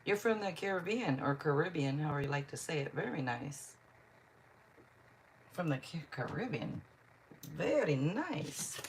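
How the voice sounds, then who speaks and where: A woman's voice: deep voice, very animated, a little slow, pauses often, a little hiss or hum. A woman from Seattle, a tarot reader on a live stream, chatting casually and answering viewers' comments one by one. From Seattle, Washington. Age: adult.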